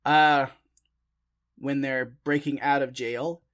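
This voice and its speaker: A young man co-hosting a casual film podcast. He speaks at a middle pitch and talks things through loosely, with plenty of "uh" and "you know" along the way. He laughs easily between points. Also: slow pace, clear, resonant tone. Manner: relaxed, rambling, frequent fillers and laughs. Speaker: podcast co-host.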